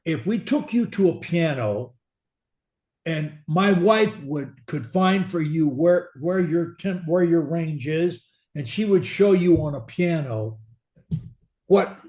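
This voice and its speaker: A man coaching a client in a speech therapy session, blunt and pushy, demonstrating high, low and soft voices. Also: lively intonation, slow pace, echoey room.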